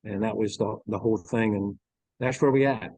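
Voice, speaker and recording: A middle-aged man with a Louisiana accent, a golf ranch owner in a casual interview, talking slowly and haltingly with many fillers. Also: on the low side, very noisy.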